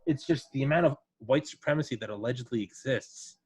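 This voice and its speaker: A man's voice: mid-range voice, fairly quick, darkish tone, slightly rough. A man in casual podcast chat, telling profane stories and quoting friends' voices. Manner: profane, storytelling with quoted voices.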